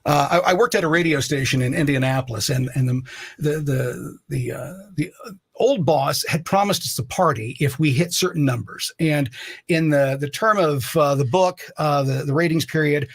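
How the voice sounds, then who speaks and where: A man's voice: on the high side, normal speed, breathy edge. A man hosting a live stream, telling a story in a profane, rambling way with many restarts. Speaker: live-stream commentary host. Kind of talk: casual storytelling monologue.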